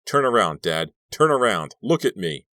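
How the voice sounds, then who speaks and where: A man reading an audiobook, voicing a troubled teenage boy who pleads and shouts at his father. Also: low-pitched, lively intonation, normal speed, dry recording, studio quality. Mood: desperate, shouting. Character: troubled teenage boy footballer, desperate and explosive.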